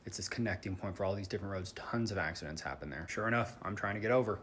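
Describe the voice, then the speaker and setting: A man telling a personal story in a candid, casual monologue, swearing freely and shifting between calm and worked-up. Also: deep voice, rapid-fire, breathy edge. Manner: candid, swears often, emotional swings. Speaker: vlogger.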